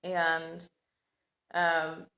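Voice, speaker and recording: A woman speaking in a slightly low voice, talking through her own life story in a loose, reflective monologue. She stops often and searches for her words. The room around her rings with noticeable echo. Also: completely flat delivery, extremely slow, pushed and bright, highs cut off. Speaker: podcast host sharing personal story. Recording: echoey room.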